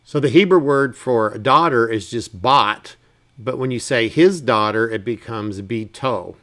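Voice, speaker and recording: The lesson is informal Bible Hebrew, led by a man whose voice falls in the mid range. He reads slowly, then offers casual explanations of each verse.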